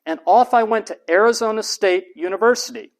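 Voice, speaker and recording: A middle-aged college professor from Texas lectures his class in an animated, emphatic way. His voice is a little higher than most men's, and he repeats words to stress a point. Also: fairly quick.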